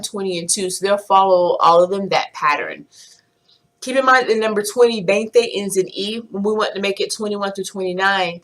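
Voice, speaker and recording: A woman teaching a language lesson, explaining in English and slowly counting and quizzing numbers aloud. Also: mid-range voice. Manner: slow, deliberate counting with clear pronunciation drills. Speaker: Spanish teacher.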